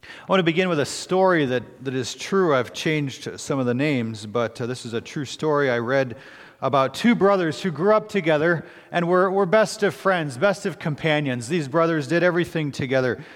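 A man, a pastor, preaching a sermon, reading scripture, then telling a story in an earnest, halting way with pauses and restarts. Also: a little high, in a large hall.

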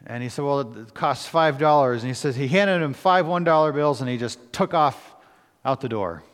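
A man, a pastor, preaching a sermon, reading scripture, then telling a story in an earnest, halting way with pauses and restarts. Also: mid-range voice, long reverb tail.

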